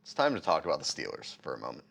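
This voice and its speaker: A man's voice: rumbling low, racing, vocal fry. A man co-hosting a sports talk show, ranting with heat and a scratchy throat. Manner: animated, heated rants. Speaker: sports podcast co-host.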